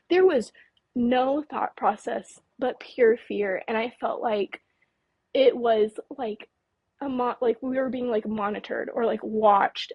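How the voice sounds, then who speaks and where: A young woman from California, nervous and shaky, tells her story in a breathy, slightly high voice, tripping over words and restarting sentences. Her voice trembles with fear. The sound is dry and close. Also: dry recording, dull audio. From California, Mojave Desert. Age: late 20s. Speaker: guest, UFO researcher. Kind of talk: interview, recounting an experience.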